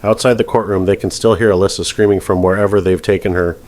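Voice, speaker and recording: A man giving dramatic scripted narration of a courtroom story in a steady storytelling manner. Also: sits low, fast.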